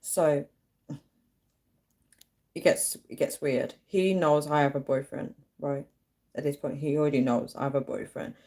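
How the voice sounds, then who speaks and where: A young woman tells a personal story to her livestream viewers. Her voice sits low and mellow, and she talks in an easy, chatty way. She brings the story to life by acting out the voices of the people in it. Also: a little slow, long pauses. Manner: chatty, animated, acts out quoted voices. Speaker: live streamer.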